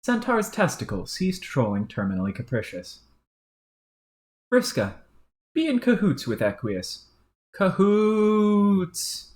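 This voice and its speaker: A woman's voice: very deep voice, wildly swooping pitch, a little slow, long pauses, darkish tone. A woman reading a webcomic aloud, with offhand, chatty asides. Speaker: reader. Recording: roomy echo.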